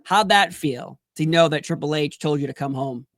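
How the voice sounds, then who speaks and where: A man's voice: fairly high pitch, moderate pace, a bit bright, no room sound, studio quality. A man hosting an interview, asking long, enthusiastic questions full of fillers and restarts. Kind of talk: casual sit-down interview.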